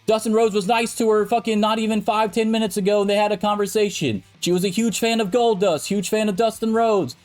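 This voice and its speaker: A man's voice: high-pitched, steady tone, brisk, few pauses, darkish tone. A man co-hosting a podcast, ranting in a heated, profane and emphatic debate. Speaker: podcast co-host.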